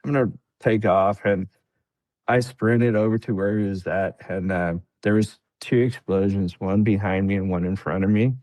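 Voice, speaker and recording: A veteran guest on a podcast tells a war story in relaxed chat, his low voice recorded dry with no echo and moving at normal speed. He acts out what others said by jumping into a higher voice, scattering fillers and laughs throughout.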